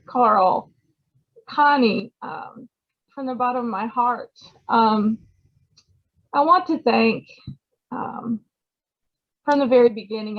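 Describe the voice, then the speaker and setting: A woman from Georgia, giving a tearful acceptance speech over a video call, halting and choked up with many fillers. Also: fairly high pitch, highs cut off. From Georgia, USA. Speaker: award recipient.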